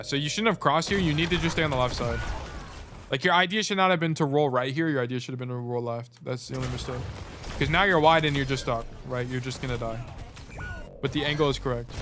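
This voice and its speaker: A man coaching a player through gameplay footage in a casual, blunt way, often repeating short commands. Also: medium pitch. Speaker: game coach.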